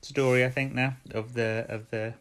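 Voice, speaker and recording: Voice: mid-range voice, little pitch movement, moderate pace. A podcast co-host chatting casually while recapping an episode, rambling and correcting himself, laughing often and coughing now and then.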